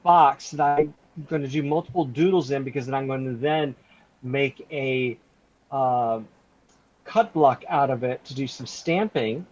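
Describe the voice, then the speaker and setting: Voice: medium pitch, unhurried, darkish tone. Easygoing co-host with a dull lo-fi sound. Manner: easygoing, welcomes viewers and describes the craft project. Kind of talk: casual livestream chat.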